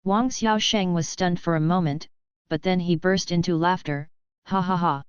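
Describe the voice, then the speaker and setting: A woman narrating an audiobook in an even, steady reading. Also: fairly low pitch, normal speed, clear, resonant tone, dry recording. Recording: dull lo-fi dry audio.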